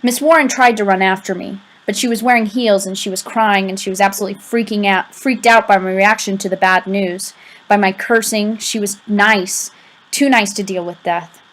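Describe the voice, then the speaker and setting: Rich: A woman narrating an audiobook in the first person with expressive, emotional storytelling. Her voice sits at a middle pitch, and she leans into the feeling of the scenes. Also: normal speed, low-quality recording. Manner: expressive, emotional storytelling with pleading quoted lines.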